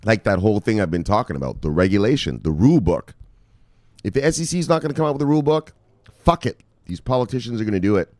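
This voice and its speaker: A man from Canada giving excitable, profane crypto news commentary, repeating himself and calling viewers brothers. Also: lowish voice, fast, no echo, clean studio sound.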